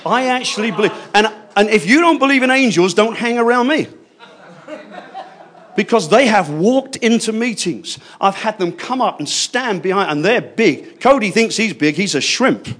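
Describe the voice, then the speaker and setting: An older man preaching a fervent sermon, swinging between hushed asides and loud declarations. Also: high voice, animated, moderate pace.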